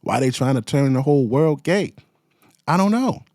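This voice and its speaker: Male host, swears a lot, animated delivery, dry close mic. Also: mid-range voice, normal speed, no room sound. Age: adult with children. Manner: profane, slangy, heated. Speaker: commentary host. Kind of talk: ranting commentary.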